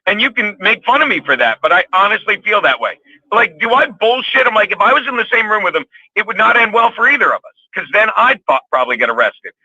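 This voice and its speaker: A man's voice: sits high, pushed and bright, breathy edge, no room sound, lo-fi sound. A man on a podcast, ranting in a rambling, heated way and swearing constantly. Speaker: podcast co-host. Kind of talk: profane casual podcast chat.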